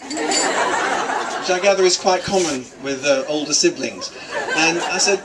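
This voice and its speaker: A middle-aged man with a high voice and big pitch swings gives a joking father-of-the-bride speech at normal speed, teasing the guests. The recording is distant in a wedding reception hall, with guests laughing and chattering in the background.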